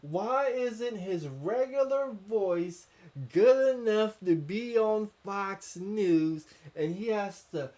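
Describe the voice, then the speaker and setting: A man's voice: sits high, expressive, slow pace, darkish tone. A man hosting a casual commentary stream, reading chat comments aloud with stammering repeats, chuckles and incredulous questions.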